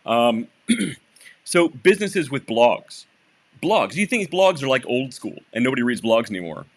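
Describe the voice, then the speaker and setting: A man's voice: medium pitch, a little slow. A man from Michigan co-hosting a podcast, explaining marketing in casual, joking talk. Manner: explains and jokes, lively. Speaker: podcast co-host.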